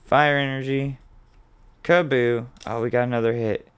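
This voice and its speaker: A man hosting his own video, calmly listing card names as he opens packs and getting excited at the good pulls, with the odd swear word. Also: medium pitch, moderate pace, slight background noise. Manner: relaxed, mildly profane. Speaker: host. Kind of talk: casual card-opening commentary.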